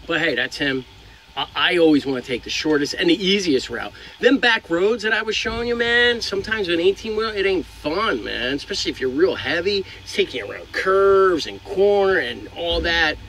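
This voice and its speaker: A man's voice: fairly high pitch, expressive, normal speed, a bit bright, a little hiss or hum, rough recording. Rambling trucker man, frank casual talk. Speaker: truck driver vlogger. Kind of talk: casual advice vlog. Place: inside a truck cab.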